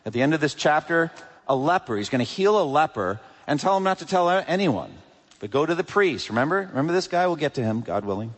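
A man preaching a sermon with emphatic swings between loud peaks and hushed drops. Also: fairly high pitch, big pitch swings, fast talker, big-room sound. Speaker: pastor.

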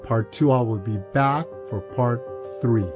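A man's voice: medium pitch, a little slow, over music. A man preaching a sermon, telling a testimony story and often repeating words as he gets going.

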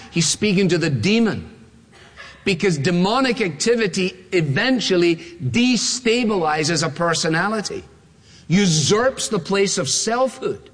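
A man preaching an expository sermon, emphatic and repetitive, slowing down to read scripture quotes aloud. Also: high voice, long reverb tail. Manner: emphatic, repeats phrases, slows for scripture quotes.

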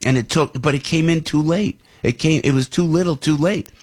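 An older man, hosting a political talk show in a fired-up, ranting monologue full of loud rhetorical questions. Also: on the high side, a little fast, breathy edge. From New Jersey. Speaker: radio talk show host.

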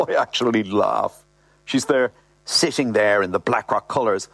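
A man reading a comic first-person story in a wry, brisk way. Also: on the low side, creaky, fairly bright tone, dry recording. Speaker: reader.

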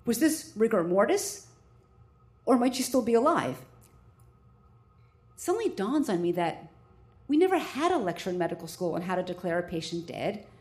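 A woman's voice: mid-range voice, very animated, normal speed, long pauses, darkish tone. A woman doctor telling a vivid, self-mocking first-person story to a live audience.

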